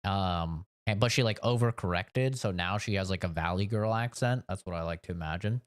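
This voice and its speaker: A man's voice: deep voice, a little fast. A man live streaming video games, chatting casually in a rambling, profane way. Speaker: game streamer.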